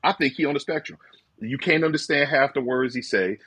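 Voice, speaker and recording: A man's voice: medium pitch, fairly quick, slightly rough, no echo. A man co-hosting a fan call-in show, chatting casually about college football and telling stories with mock quotes. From rural southern United States. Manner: animated storytelling with mock quotes and laughter. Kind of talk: casual sports talk.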